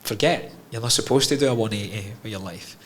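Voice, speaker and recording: A man's voice: on the low side, a little fast, a bit bright, a little hiss or hum. A man, a podcast guest telling his own story candidly, frank and emotional, swearing freely.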